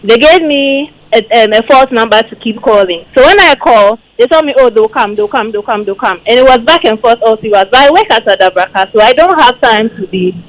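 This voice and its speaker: A woman's voice: fairly high pitch, lively intonation, brisk, few pauses, poor audio. A woman calling a radio show and explaining her grievance in detail. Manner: aggrieved, detailed account. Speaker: caller. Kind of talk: call-in complaint.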